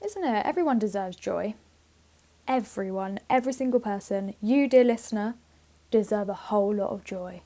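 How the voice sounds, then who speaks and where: A woman's voice: mid-range voice, moderate pace, warm tone. A woman co-hosting a podcast, chatting playfully, laughing often and swearing casually as she reads out a list. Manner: giggly, playful, swears freely. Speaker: podcast co-host. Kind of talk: casual chat, reading out a list.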